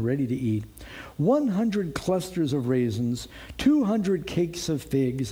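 Male pastor, warm and slightly raspy, teaching scripture conversationally. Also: medium pitch. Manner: conversational, asks the listeners rhetorical questions. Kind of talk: expository sermon.

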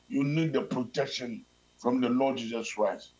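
A man's voice: mid-range voice, normal speed, a little mellow, rough recording. A man preaching a sermon, switching between Twi and English.

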